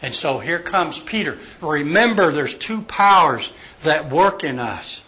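A man teaching a Bible class, acting out quoted lines loudly and dropping to a soft voice to pray. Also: fairly high pitch, lively intonation, unhurried, rough recording. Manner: dramatic, acts out quotes loudly then drops soft for prayer.

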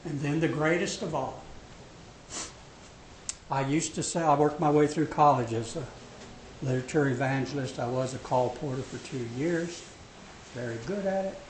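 A man preaching a sermon, dramatic, swinging from loud to hushed when he voices God's words. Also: fairly high pitch, moderate pace, long pauses. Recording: echoey hall with faint noise.

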